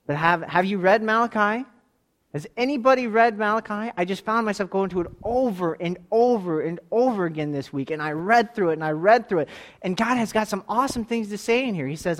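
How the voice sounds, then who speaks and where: Preaching from the pulpit, this male pastor speaks in a high, expressive voice at a slightly fast clip. He fires questions directly at the congregation and alternates between loud exhortation and quiet asides.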